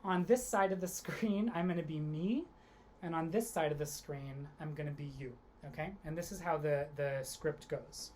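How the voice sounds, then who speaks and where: A woman with a low, deep-set voice leads an online drama workshop from home, talking students through acting games. She breaks into exaggerated emotional line readings to demonstrate. A faint hiss sits under the recording. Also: normal speed, a little mellow. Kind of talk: online theatre workshop instruction. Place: home, video lesson.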